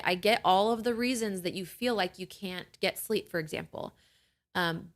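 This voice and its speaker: In a lowish voice with a touch of brightness, a chatty young woman talks to mothers as a podcast host. She keeps things casual, conversational and reassuring, leaning heavily on "like" and "right?".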